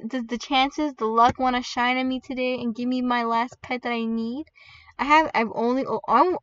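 An excitable woman chatting over her gameplay in a slightly high voice, chatty and quick to squeal. Her voice comes through a dull, lo-fi mic set a bit back from her. The sound is dry, with no room around it. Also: far from the mic. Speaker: gaming video creator. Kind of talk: gaming commentary.

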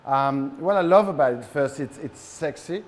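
A French-accented chef plays to a big crowd at his live cooking demo, teasing them playfully. His voice runs slightly high for a man, with lively intonation at a moderate pace, against a noisy background.

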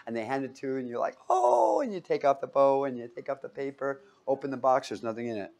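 A man teaches a Bible class to a live group, playfully quizzing his listeners and joking with them. His voice is medium-pitched, steady and darkish, and he talks fast.

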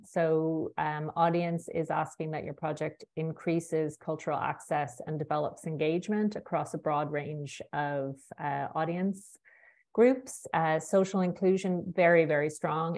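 A woman with a low voice talks through a funding workshop on a webinar. Her explanations are conversational and loosely phrased, heard through a computer mic on a video call. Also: darkish tone. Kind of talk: webinar presentation.

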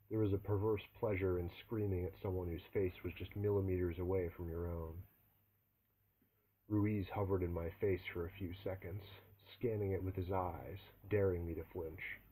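A man reading a novel aloud in the first person, with dry, measured storytelling. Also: deep voice, mellow, husky, poor audio. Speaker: audiobook reader.

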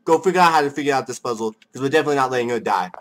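A man's voice: mid-range voice, very fast, fairly bright tone, slight background noise. A man hosting a co-op let's play, teasing and playfully bossing his partner in casual commentary.

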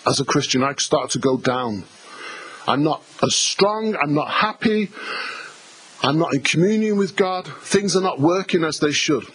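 English male pastor, conversational emphatic sermon with repetition, a touch high in pitch, light background noise. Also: expressive, a little slow, fairly bright tone, low-quality recording. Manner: emphatic, repetitive, conversational preaching with asides to the congregation. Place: church hall.

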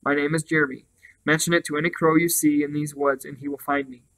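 A man voicing a foolish, frightened young male crow in a storybook reading, speaking in a hurried, pleading way. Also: fairly high pitch, little pitch movement, a bit bright, poor audio. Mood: grateful.

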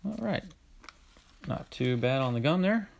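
A man hosting a casual card-opening video, reading out player names in a chatty way, with sudden bursts of excitement. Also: medium pitch, measured pace, vocal fry. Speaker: card-collecting channel host.

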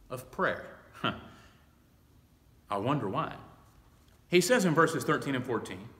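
Male pastor at mid pitch, preaching with slow weight, recorded from off in an echoing sanctuary. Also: fairly bright tone. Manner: slow, emphatic preaching, reading scripture aloud. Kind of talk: Bible study sermon. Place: church sanctuary.

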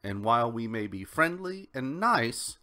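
A man's voice: mid-range voice, big pitch swings, measured pace, sharp tone. An American man hosting a solo political commentary podcast, talking in a rambling way with frequent restarts and ums. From United States. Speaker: podcast host.

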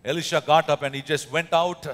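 A man's voice: a little high, fairly even intonation, a little fast, fairly bright tone. A man with an Indian accent preaching a sermon as pastor, emphatic, with many fillers and rhetorical questions. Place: church hall. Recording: echoey church hall.

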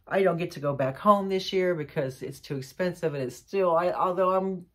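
A middle-aged woman, gushing and excitable as she chats casually to the camera about a haul. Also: on the low side, normal speed. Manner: gushing, excitable, says y'all a lot. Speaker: vlogger showing a haul.

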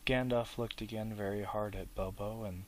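A man narrating an audiobook in a measured, unhurried storytelling voice. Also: fairly low pitch, fairly even intonation, rough recording. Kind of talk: scripted narration.

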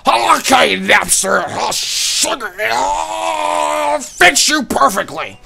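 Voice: high-pitched, sing-song, very slow, gravelly, over music, voice pushed up, full character voice. A man voicing a bubbly, drawling teenage girl in a video game playthrough, who calls everyone sugar. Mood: sugary, excited. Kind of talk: let's play character voice.

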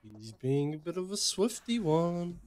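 A man's voice: on the high side, very animated, a little slow, a little mellow. A man casually commentating his game playthrough, slangy and jokey, swearing freely.

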